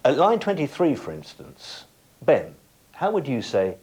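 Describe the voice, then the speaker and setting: A man's voice: medium pitch, wildly swooping pitch, unhurried, a little mellow, husky. A middle-aged man giving a scripted lesson as a teacher, addressing viewers directly and setting them tasks. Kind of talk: scripted educational presentation.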